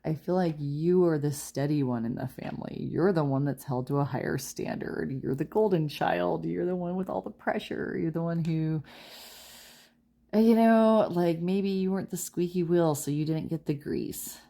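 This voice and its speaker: Chatty woman with a low, gravelly voice. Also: normal speed, dark tone. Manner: chatty, laughs often, talks straight to viewers. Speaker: tarot reader. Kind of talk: casual pick-a-card tarot reading.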